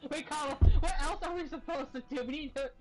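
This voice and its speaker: A woman's voice: sits high, brisk, soft background music. A woman chatting as a guest on a live stream, teasing and giggly. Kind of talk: casual chat on a live stream.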